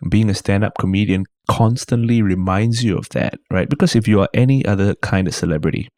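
Male comedian, deep voice, dry close mic, lively storyteller who swears casually. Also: a little fast, dry recording. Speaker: guest host, stand-up comedian. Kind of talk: casual podcast chat.

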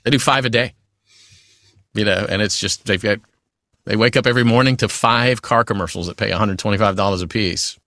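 A man, a voice actor guest in a casual interview, giving advice in a chatty, animated way with many asides. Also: on the low side, fairly quick, no room sound, clean studio sound.

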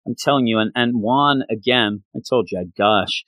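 A man casually recapping a comic book in an excited, chatty way. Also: fairly low pitch, normal speed, dry recording. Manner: excited, chatty, acts out lines.

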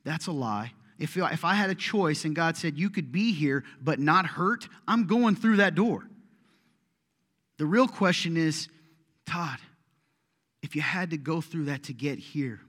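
A man's voice: a little high, normal speed, fairly bright tone. A middle-aged man preaching a sermon as a pastor, conversational and impassioned, acting out prayers and complaints aloud.

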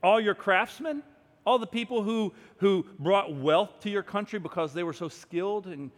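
A male preacher with a fairly high voice delivers an emphatic sermon and reads scripture aloud. He drops to hushed tones, then rises to loud declarations. His voice rings with a long reverb. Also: moderate pace.

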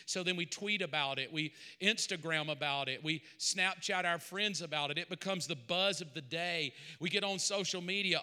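Pastor guy telling a story in his sermon, crisp bright voice, lots of hall reverb. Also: fairly high pitch, normal speed, hardly any pauses. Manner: storytelling, speaking in second person.

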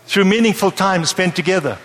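A man preaching a sermon to a live audience in a lively, playful way, often checking that his listeners follow him. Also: high-pitched, fairly quick. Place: church hall with a live audience. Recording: long hall reverb.

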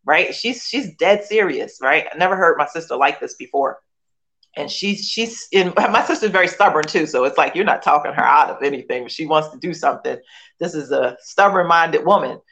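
A woman's voice: deep voice, lively intonation, moderate pace, fairly bright tone. A woman in her forties from Philadelphia shares her personal testimony as a guest. She tells it earnestly and emotionally, with many you-knows and restarts. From Philadelphia, USA. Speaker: author and guest.

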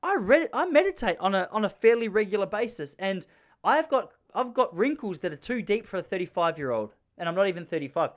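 A man's voice: high-pitched, sing-song, brisk. A man, hosting a solo comedic podcast from a spare room at home, rambling and poking fun at himself. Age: 30s. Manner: rambling, self-mocking storytelling with quoted voices. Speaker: podcast host.

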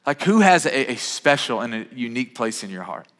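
A man's voice: medium pitch, very animated, a little fast, fairly bright tone. A man in his thirties preaching a sermon in a conversational way, often restarting and repeating words. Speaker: pastor. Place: church sanctuary. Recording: reverberant hall.

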